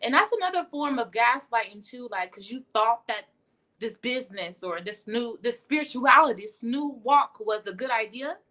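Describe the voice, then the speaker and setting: A woman's voice: fairly high pitch, lively intonation, normal speed, sharp tone. A young woman giving a casual tarot reading on a livestream, blunt and profane as she talks. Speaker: tarot reader. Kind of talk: casual spiritual livestream talk.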